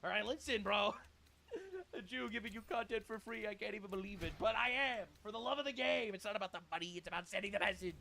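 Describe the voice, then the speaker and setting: A man reacts to clips with sarcastic, profane asides. His voice sits high for a man, and his jabs land quickly. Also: gravelly, bright, forceful tone, slight background noise. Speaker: host. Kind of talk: reaction commentary.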